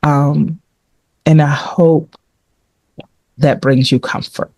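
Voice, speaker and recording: A woman therapist hosting a casual talk, warm and reassuring, often repeating words as she starts a sentence. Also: deep voice, fairly even intonation, slow pace, no echo. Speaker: therapist, podcast host.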